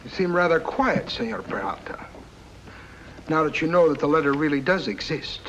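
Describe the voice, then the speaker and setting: An actor playing a scheming, sneering foreign diplomat in a 1950s TV drama, on a faintly hissy old soundtrack. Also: male voice, fairly high pitch, animated, normal speed, fairly bright tone, highs cut off. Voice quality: sneering, accusatory.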